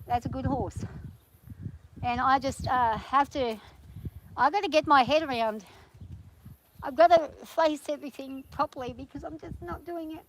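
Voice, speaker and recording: A woman vlogging from horseback on her farm, talking nervously and gently soothing her horse. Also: sits high, normal speed, pauses often, slight background noise, low-quality recording. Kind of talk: casual spoken vlog.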